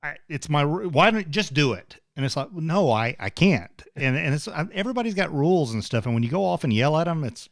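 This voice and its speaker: A man's voice: on the high side, expressive, fast, creaky, hardly any pauses, no room sound, studio quality. A man co-hosting a casual live-stream chat, telling everyday stories and laughing easily. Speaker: co-host.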